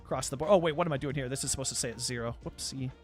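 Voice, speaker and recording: Talking very fast in a medium-pitched voice, a young British Columbian streamer rambles casually while playing a city-building game, filling his answers to viewers with fillers. Soft music runs in the background.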